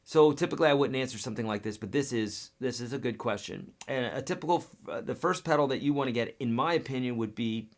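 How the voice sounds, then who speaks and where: A man's voice: mid-range voice, quick pace, hardly any pauses. A man teaching guitar on a live webcast, reading viewer questions and answering in a casual, direct way that keeps checking in with "okay?".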